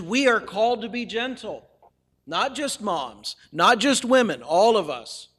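Male pastor preaching, high bright voice, measured delivery with light humor. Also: long reverb tail. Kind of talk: sermon.

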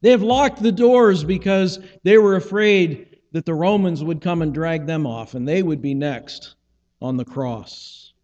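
A man's voice: a little high, a little slow, darkish tone, big-room sound, highs cut off. A man preaching a conversational sermon, acting out the lines of biblical dialogue as he retells them. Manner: conversational, acts out scripture dialogue. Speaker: pastor.

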